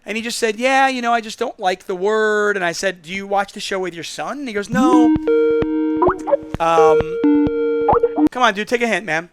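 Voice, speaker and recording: A man's voice: high voice, brisk. A man hosting a casual call-in poker podcast, telling stories in a chatty, rambling way. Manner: chatty, storytelling, self-interrupting. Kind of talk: casual solo call-in show talk.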